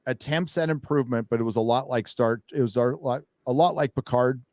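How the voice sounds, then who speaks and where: A man's voice: mid-range voice, a little fast, darkish tone, no room sound, studio quality. A man hosting a casual livestream, ranting bluntly with lots of swearing. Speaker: show host.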